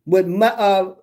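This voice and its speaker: With a mid-range voice and slight background noise, a woman hosts a livestream, chatting casually and telling lively stories. Laughter comes often, and her speech has a drawling Southern sound.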